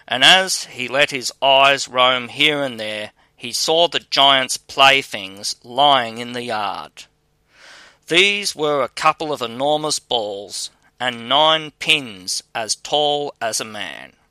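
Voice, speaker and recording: Slow, bright-voiced male storyteller. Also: mid-range voice, clear, resonant tone, no echo. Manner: measured, even storytelling delivery. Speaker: narrator. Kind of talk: scripted fairy-tale narration.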